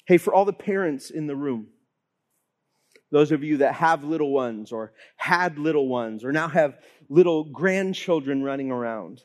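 Man, pastor, sermon, high voice, lively storytelling, acts out quotes.

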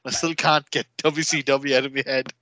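Bright, rambling man. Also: medium pitch, normal speed, no echo. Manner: rambling, animated storyteller with many fillers. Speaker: podcast co-host. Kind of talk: casual chat.

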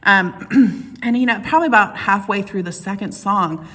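A woman's voice: mid-range voice, normal speed, fairly bright tone. Chatty middle-aged woman pastor preaching. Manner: chatty storytelling with playful asides. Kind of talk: conversational sermon.

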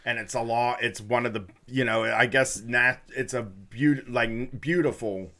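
A man's voice: mid-range voice, normal speed, sharp tone. Sarcastic man co-hosting a chat show. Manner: sarcastic, swearing, laughing asides. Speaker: podcast co-host. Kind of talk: casual chat, reading news aloud.

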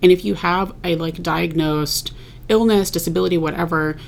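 Gravelly low-voiced woman podcast host. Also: fairly even intonation, normal speed. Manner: chatty, many fillers, agreeable. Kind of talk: casual chat.

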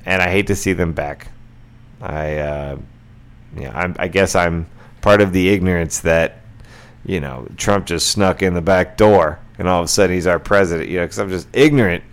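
A man's voice: low-pitched, clear, resonant tone. A middle-aged man hosting a casual solo podcast, rambling along with lots of fillers and restarts. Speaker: podcast host.

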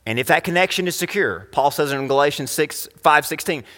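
A man preaching a sermon as pastor, emphatic, swinging between loud high phrases and quiet low ones. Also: animated, brisk, few pauses. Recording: long reverb of a hall.

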